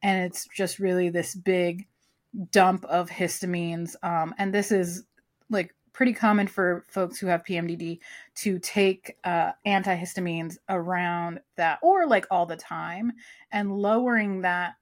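A woman's voice: on the low side, fairly even intonation, a little slow. A woman co-hosting a podcast, talking casually with many fillers and "like"s. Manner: chatty, lots of fillers and "like". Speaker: podcast co-host. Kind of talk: casual chat.

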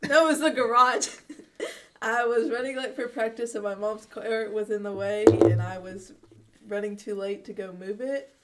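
A woman's voice: mid-range voice, fairly even intonation, moderate pace, far from the mic, noisy background. Young woman telling a rambling story. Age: young adult. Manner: rambling storyteller, laughs often. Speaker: guest. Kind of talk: casual chat.

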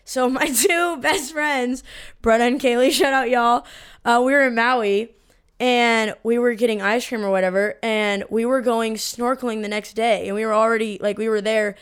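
Animated, foul-mouthed young woman storyteller. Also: on the high side, moderate pace, smooth. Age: 20s. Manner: animated, swears a lot, acts out quotes. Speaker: podcast co-host. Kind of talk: casual storytelling.

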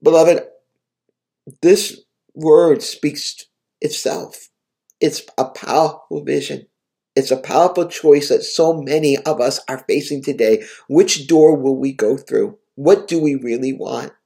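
A man's voice: a little high, takes it slowly, gravelly, mellow. A man preaching, recounting a vision and exhorting his listeners in an earnest, emotional way. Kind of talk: devotional vision account and exhortation.

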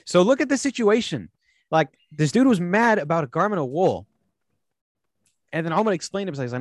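A man's voice: fairly high pitch, brisk, dry recording, clean studio sound. A man hosting a casual podcast, telling stories with lots of fillers and acting out quoted speech. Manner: animated storyteller, acts out quoted speech; many fillers and restarts. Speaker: podcast host.

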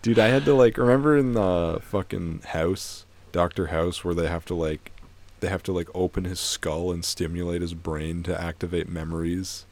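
A man's voice: low-pitched, steady tone, normal speed, a little mellow. A young man co-hosting a podcast, telling movie stories in casual chat, swearing and laughing often. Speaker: podcast co-host.

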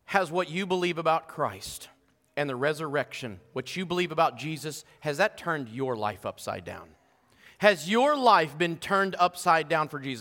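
A bright, sharp-toned man preaches with fervour, his voice pitched high and climbing louder as he presses each point. The sound carries a long reverb, as from a church sanctuary. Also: animated, normal speed. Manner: fervent preaching, rising loud and high on key points. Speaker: pastor. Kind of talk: sermon.

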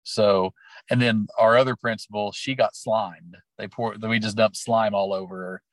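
A man's voice: on the low side, steady tone, normal speed. Chatty man telling classroom stories. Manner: chatty, storytelling, lots of fillers. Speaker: teacher and coach, interview guest. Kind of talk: casual interview talk.

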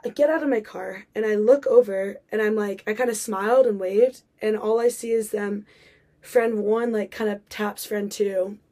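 Young woman podcaster storytelling, lots of "like", warm low-key voice, middle pitch. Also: steady tone, normal speed. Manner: chatty, many "like" fillers, acts out quotes. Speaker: podcast host. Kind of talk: personal storytelling monologue.

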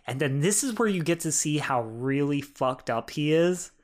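A man co-hosting a casual podcast, retelling a documentary with animated quotes and frequent laughter. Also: fairly high pitch, normal speed. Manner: animated storyteller, acts out quotes, laughs often. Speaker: podcast co-host. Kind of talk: casual chat reviewing a documentary.

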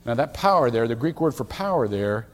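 A man preaching a sermon as a pastor, animated and emphatic, with many rhetorical questions to the congregation. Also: medium pitch, fairly quick, long reverb tail. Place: church sanctuary.

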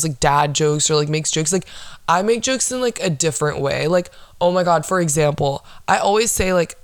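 A woman's voice: fairly low pitch, no echo. Dry, sarcastic young woman podcaster. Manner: dry, sarcastic, profane and rambling. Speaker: podcast host. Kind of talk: casual solo podcast chat.

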